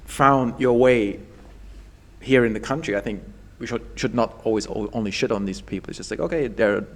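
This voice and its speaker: A man's voice: on the low side, moderate pace, a little hiss or hum. A man co-hosting a podcast, speaking earnestly and reflectively in casual chat. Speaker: podcast co-host.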